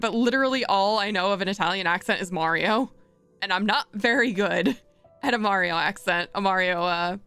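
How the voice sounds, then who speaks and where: A woman's voice: mid-range voice, a bit bright, clean tone, no echo. A woman streaming as a VTuber, chatting casually and rambling as she thinks aloud while working, often laughing. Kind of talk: casual live-stream chat.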